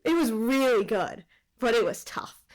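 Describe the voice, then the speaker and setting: A woman co-hosting a podcast, casually retelling a film's plot with lots of "like" fillers and quick asides. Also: fairly high pitch, animated, poor audio. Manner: rambling retelling of a film plot, many "like" fillers. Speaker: podcast co-host. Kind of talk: casual chat.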